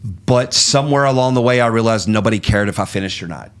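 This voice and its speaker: A man telling stories as a guest on a podcast, candid and animated, laughing at his own tales. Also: fairly low pitch, fast, smooth. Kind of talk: storytelling in a podcast interview.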